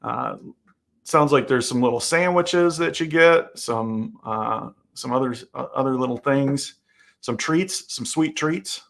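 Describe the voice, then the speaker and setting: A man's voice: medium pitch, measured pace, creaky, fairly bright tone. A man hosting a casual chat show in an easygoing way, laughing often and restarting his sentences. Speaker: host.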